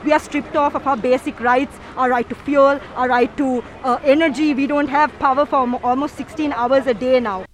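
A young woman student speaks in an impassioned street interview, her voice high. Traffic and urban noise sound clearly behind her outdoors. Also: fairly even intonation, fairly quick, hardly any pauses, poor audio. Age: young adult. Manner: earnest, impassioned. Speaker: protester, university student.

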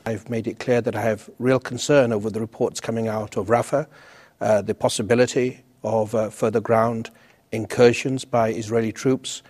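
Man, prosecutor, mid pitch, measured, halting, fillers. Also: darkish tone. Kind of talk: prepared statement.

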